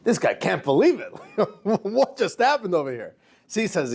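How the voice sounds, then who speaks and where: A man's voice: high-pitched, very animated, moderate pace, vocal fry, darkish tone, slightly rough. A man teaching a class as a rabbi, telling jokes and addressing the listeners as dear friends. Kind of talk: lecture with jokes.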